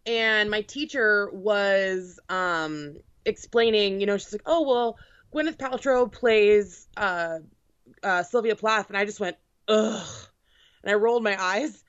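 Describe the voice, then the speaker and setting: This woman's medium-pitched voice is smooth and a bit bright, moving at a measured pace. Chatting casually, she's sarcastic and talkative, full of fillers, and the lo-fi recording sounds dull and dry.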